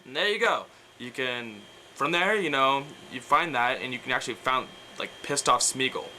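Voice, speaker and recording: Young man, casual tutorial, rambling, hesitant fillers, bright forceful tone, faint background noise. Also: medium pitch, expressive, normal speed, poor audio. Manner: rambling, hesitant, lots of fillers, breaks into screams and growls. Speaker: vocal tutorial maker.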